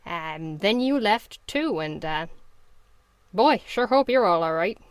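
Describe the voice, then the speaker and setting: A man voicing a sarcastic character in a tabletop game, in a high mocking voice. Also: expressive, slow, clean tone, dry recording. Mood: mock-sweet.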